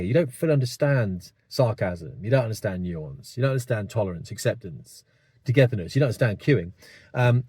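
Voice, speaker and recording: A man's voice: mid-range voice, warm tone, husky, no echo, clean studio sound. A man, delivering a rambling, blunt opinion monologue to camera with many asides. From England. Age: 50s. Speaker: vlogger.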